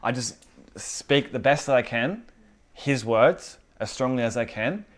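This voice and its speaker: A man's voice: medium pitch, a little slow. A man who leads a church teaching night, chatting casually about faith and acting out the people in his stories. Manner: animated storyteller who acts out quotes.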